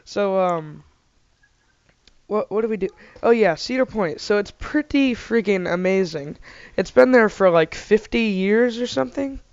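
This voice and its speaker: A man's voice: high voice, lively intonation, measured pace, clean tone, no room sound. Casual rambling man, jokey banter, dry close recording. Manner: rambling, jokey, lots of fillers. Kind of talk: casual chat. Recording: dull, slightly lo-fi dry mic.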